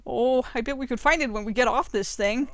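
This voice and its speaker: A woman's voice: on the high side, fairly quick, a little hiss or hum, close to an everyday voice. A woman reading the lines of a cheerful, mild dad from a dating game, light and easy. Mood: friendly.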